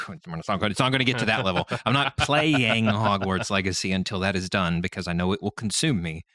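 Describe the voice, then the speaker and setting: A man's voice: on the low side, fairly quick, no room sound, studio quality. A man hosting a podcast in a casual chat, telling stories with lots of laughter. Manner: animated storyteller who laughs often. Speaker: podcast host.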